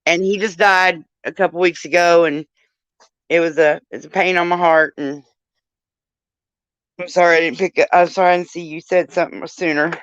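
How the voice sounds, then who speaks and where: A woman's voice: lowish voice, fairly even intonation, normal speed, no room sound, muffled recording. A woman talking casually to her stream viewers while in pain, groaning and swearing often as she moves around. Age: older. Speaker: vlogger. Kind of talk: casual live-stream chat.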